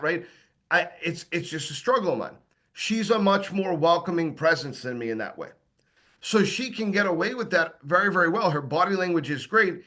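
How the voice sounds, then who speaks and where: Bright-voiced man giving a sales talk. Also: sits high. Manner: conversational, acts out sample dialogue, many fillers. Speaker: sales trainer. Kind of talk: casual training talk.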